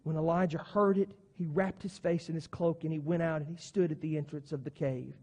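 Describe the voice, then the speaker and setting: A man preaching a sermon, moving between soft, low passages and loud, emphatic ones. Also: fairly even intonation, fairly quick. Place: church sanctuary. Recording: long church reverb.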